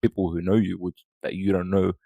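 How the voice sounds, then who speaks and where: Gravelly low-voiced man, rambling chat. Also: a little fast, no echo, dull audio. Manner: relaxed, rambling, lots of fillers and restarts. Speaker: podcast guest. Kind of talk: casual chat.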